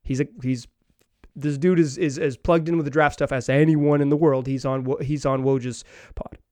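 A man's voice: medium pitch, steady tone, moderate pace, a little mellow, no echo. A man hosting a sports podcast, talking casually and rambling with many restarts and fillers. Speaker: podcast host.

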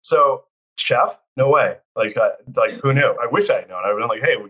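A man hosting a podcast, energetic and enthusiastic, full of exclamations. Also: mid-range voice. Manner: hyped, enthusiastic, rapid exclamations. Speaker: podcast host.

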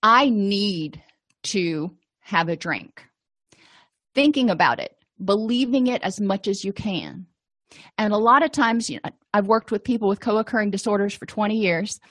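A woman's voice: mid-range voice, no room sound, clean studio sound. A middle-aged woman therapist teaching a skills lesson in a conversational, explanatory way with casual asides. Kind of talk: lecture.

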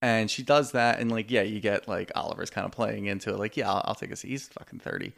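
A podcast co-host talks fast in a fairly low, gravelly, slightly bright voice. He recaps a reality show casually and candidly, swearing freely and quoting cast members.

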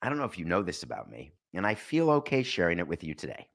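A male talk show host with a low voice that swings around a lot. He chats in a playful, animated way and tells stories with sudden high leaps. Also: fast, creaky. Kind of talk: casual podcast monologue.

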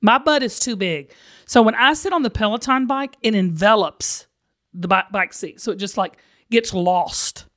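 A woman's voice: medium pitch, normal speed, fairly bright tone. A woman hosting a podcast in casual chat. She talks candidly and laughs often. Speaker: podcast host.

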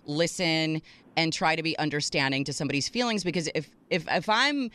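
A woman's voice: low-pitched, brisk, fairly bright tone. A woman co-hosting a relationship advice radio show, direct and reassuring, often cutting in on her co-host.

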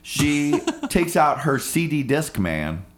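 A man's voice: big pitch swings, slow. A man telling a comic travel story, acting out the people he meets in mocking voices. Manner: acts out other people in high mocking voices.

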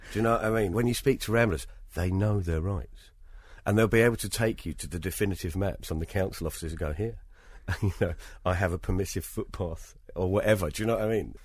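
A British man in an interview, telling travel anecdotes in a lively, conversational way and acting out other people's lines. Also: sits low, quick pace, few pauses, dry recording. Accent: British English. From Britain. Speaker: interview guest, travelling performer.

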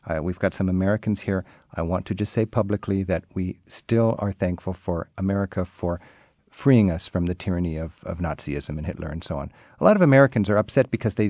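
A man's voice: deep voice, darkish tone, no echo, studio quality. A man hosting an interview, conversational and affirming with short interjections. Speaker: interview host.

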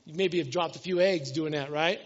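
A man's voice: on the high side, a little fast. A middle-aged male pastor preaching a conversational sermon, asking the congregation questions and acting out everyday scenes. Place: church hall. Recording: dull sound with long hall reverb.

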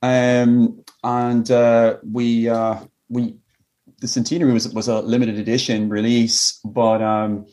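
Irish man, mid-range voice, rambling and halting, talks as a whiskey business owner. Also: medium pitch, completely flat delivery, a little mellow. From Ireland. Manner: rambling, many fillers and restarts. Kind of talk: casual chat.

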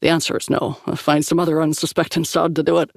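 A woman's voice: sits low, level tone, quick pace, gravelly, no echo, studio quality. A woman voicing an eager, boyish young man who gets flustered easily.

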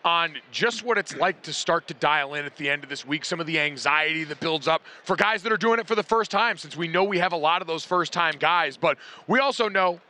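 A man hosting a sports radio show, introducing and interviewing a guest in a smooth, conversational way. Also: a little high, brisk, few pauses, sharp tone.

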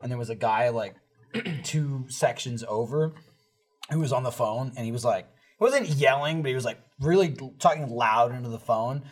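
A man's voice: mid-range voice, normal speed, slightly rough. A man on a casual group podcast, animatedly telling a story and acting out what people said. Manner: animated storyteller, acts out quotes. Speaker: podcast host.

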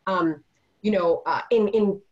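A woman's voice: medium pitch, a little slow. A middle-aged woman on a video call, telling a parenting story in an earnest, casual way. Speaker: panelist. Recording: dull lo-fi video call audio.

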